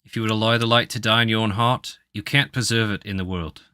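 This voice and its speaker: A man's voice: lowish voice, steady tone, fast, bright, forceful tone, clean tone, no echo, clean studio sound. Veyron, a solemn mentor played by a man. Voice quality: tired, no accent attempted. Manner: solemn, reciting an oath line by line.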